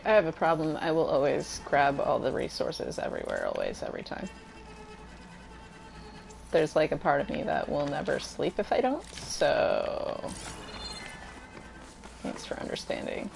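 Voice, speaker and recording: A woman's voice: sits low, creaky, a little mellow, slight background noise, rough recording. A young woman streaming a game, chatting casually and rambling with lots of fillers. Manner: rambling, filler-heavy, self-deprecating. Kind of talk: casual gameplay chat.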